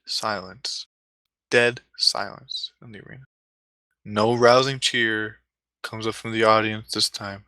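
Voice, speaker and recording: A man telling a comic story in a deliberate way, with dramatic pauses and asides. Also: on the low side, steady tone, sharp tone, clean tone, no room sound.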